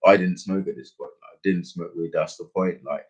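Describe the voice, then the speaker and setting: Low husky man rambling casually. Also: steady tone, brisk. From England. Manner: rambling, slangy, many fillers and restarts. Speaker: podcast host. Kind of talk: casual storytelling.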